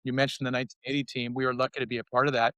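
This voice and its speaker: A man's voice: mid-range voice, very fast, no echo. Older man telling team stories, dry. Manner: animated, acts out quotes in a raised voice. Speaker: former player sharing memories. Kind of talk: casual storytelling on a podcast.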